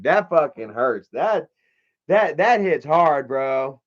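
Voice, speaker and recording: A man talking on a casual livestream in a profane, animated, mocking way. His voice sits a little high for a man. The audio is muffled and lo-fi. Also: slow. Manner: profane, animated, mocking, reads chat aloud. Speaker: live streamer.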